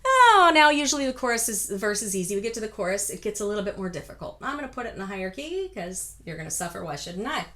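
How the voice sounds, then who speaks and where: A woman's voice: mid-range voice, expressive, very fast, hardly any pauses. A woman vocal coach from the United States giving a chatty, encouraging singing lesson, breaking into full-voiced sung examples.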